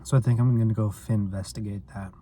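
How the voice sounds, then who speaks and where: A man's voice: fairly low pitch, steady tone, fast talker, mellow, a little hiss or hum. A man vlogging in a rambling, self-deprecating casual chat, full of filler words.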